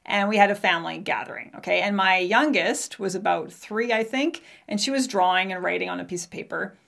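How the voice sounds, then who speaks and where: A woman's voice: medium pitch, a little fast, vocal fry, a bit bright. A woman in her forties, a podcast host, telling a candid personal story and acting out remembered dialogue.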